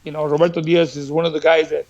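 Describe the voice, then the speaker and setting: High-voiced man telling a story. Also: fast, highs cut off. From Mexico. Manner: animated, acts out quoted dialogue, laughs often. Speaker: boxing trainer, podcast guest. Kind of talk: casual storytelling. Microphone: studio podcast mic.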